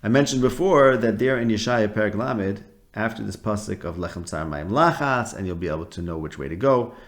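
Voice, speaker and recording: A man's voice: lowish voice, a little fast. A man teaching a casual Torah lesson, talking in a conversational way that mixes Hebrew terms into English, with frequent ums and restarts. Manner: animated, voicing quoted speakers.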